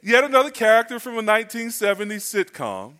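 A man's voice: high-pitched, very animated, quick pace, pushed and bright. A man from North Carolina preaching as a guest pastor, telling funny stories in a folksy, chatty way. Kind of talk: sermon with humorous storytelling. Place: church.

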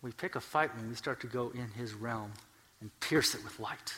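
A man preaching a sermon in a church, swinging between soft, earnest explanation and loud, emphatic peaks as he reads scripture, with joking asides. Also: mid-range voice, normal speed. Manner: builds scripture lists to loud, emphatic climaxes. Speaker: pastor. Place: church sanctuary.

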